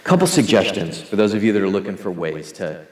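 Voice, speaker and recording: A man's voice: sits low, big pitch swings, a little fast. A man preaching a sermon to his congregation in a conversational, earnest way, leading them in prayer. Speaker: pastor. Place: church hall. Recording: echoey hall reverb.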